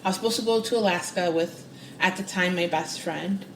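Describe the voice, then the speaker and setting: A woman, guest on a podcast, telling a personal story with lively, expressive delivery and acting out the voices she quotes. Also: fairly quick, roomy sound, slight background noise. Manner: expressive, acts out quoted voices with big pitch jumps. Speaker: guest psychic and spiritual coach. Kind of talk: animated storytelling in interview.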